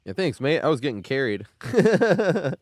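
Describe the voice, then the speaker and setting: A man's voice: a little high, sing-song, unhurried, dry recording, studio quality. A man giving casual live commentary as a game streamer, chatty, laughing often and making sarcastic asides.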